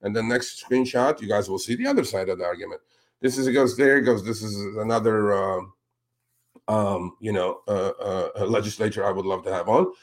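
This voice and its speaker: A man hosting a talk show, speaking in casual, animated commentary that turns indignant as he calls out politicians with a pointed "sir". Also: on the low side, a little fast. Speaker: podcast host.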